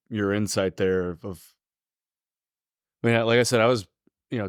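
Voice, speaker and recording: Rambling man with a low voice. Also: clear, resonant tone, no room sound, studio quality. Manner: rambling, recapping, playful. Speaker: podcast co-host. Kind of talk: casual podcast chat.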